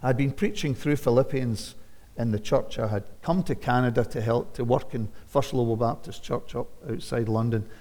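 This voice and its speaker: A Scottish visiting preacher in his seventies gives a sermon in a church sanctuary with long reverb. His mid-range voice moves at normal speed, shifting conversationally from quiet asides to loud, emphatic declarations.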